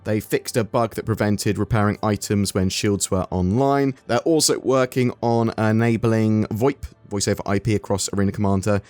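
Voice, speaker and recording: An English man hosting a gaming news channel, giving a brisk scripted rundown and asking viewers questions. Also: on the low side, a little mellow, no room sound, faint music behind. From England.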